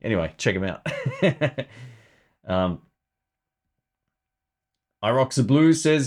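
A man's voice: medium pitch, expressive, slow pace, long pauses. A man hosting a casual live stream about guitar gear, chatting loosely and thinking aloud.

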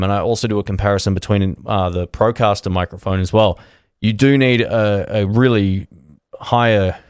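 A man's voice: fairly low pitch, no echo. Chatty man, dry close sound. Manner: chatty, rambling, friendly. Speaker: live-stream host. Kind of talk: casual live-stream chat answering viewer comments. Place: home studio room. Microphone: dynamic podcast mic.

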